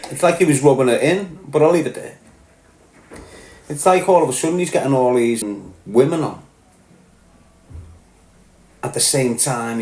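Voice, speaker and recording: A Liverpool-accented man hosts a livestream in a mid-range, slightly dark voice. Reading out chat, he rants bluntly and swears casually, and the recording has a roomy echo.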